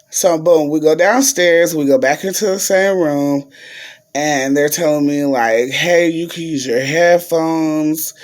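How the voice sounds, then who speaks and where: A woman's voice: low-pitched, a little slow, darkish tone. A young woman vlogger, chatting to viewers, full of fillers and y'all. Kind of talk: casual storytelling to viewers.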